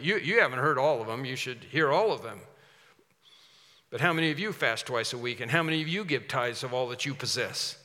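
A man's voice: mid-range voice, pushed and bright. A man preaching a sermon with emphatic delivery, putting rhetorical questions to his congregation. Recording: long reverb of a large hall.

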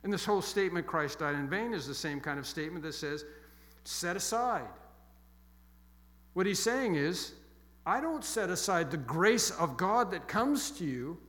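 A man preaching a sermon with emphatic, repeated phrases that fall soft and quiet toward the close. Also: high-pitched, expressive, normal speed. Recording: long echo of a large hall.

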